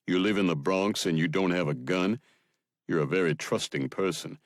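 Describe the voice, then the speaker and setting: A man voicing a calm, protective soldier in an audiobook, firm and clipped. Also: low voice, normal speed, no room sound, clean studio sound, lightly acted.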